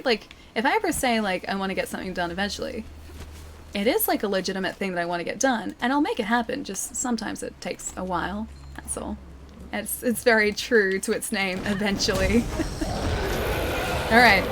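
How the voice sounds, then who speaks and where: A woman with a hoarse, recovering voice chats through a live game stream. She sits a little high in pitch, thanks viewers by name and reacts out loud to the fight. Game music plays clearly behind her. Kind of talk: casual live-stream chat while playing.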